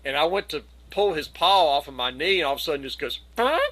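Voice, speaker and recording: A middle-aged man spins a rambling anecdote over a video call, lively and conversational, now and then putting on other people's voices. His voice sits a bit high for a man and rings bright and forward. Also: fast, rough recording. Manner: animated anecdote, acts out quoted voices. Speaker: community gathering participant. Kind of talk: casual storytelling.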